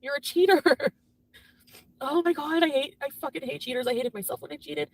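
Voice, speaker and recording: A woman on a live stream, venting angrily and profanely about being cheated on, swinging between yelling and hushed, broken-down talk. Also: high voice, brisk, vocal fry, low-quality recording. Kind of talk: emotional live-stream rant.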